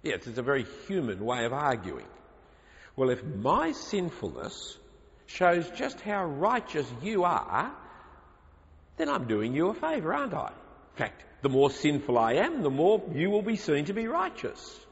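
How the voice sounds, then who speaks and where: A man's voice: fairly high pitch, huge pitch swings, a little slow. A man preaching a sermon, arguing emphatically with rhetorical questions. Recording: lo-fi, reverberant hall.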